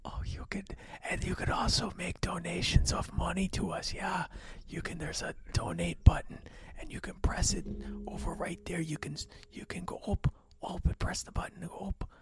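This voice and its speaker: A man's voice: high voice, flat delivery, voice pushed up. A man putting on a cheery Midwestern accent in a whispered role-play, folksy and pleading for donations. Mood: chirpy whisper. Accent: Midwestern US (put on). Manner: folksy, drawn-out, begging for donations.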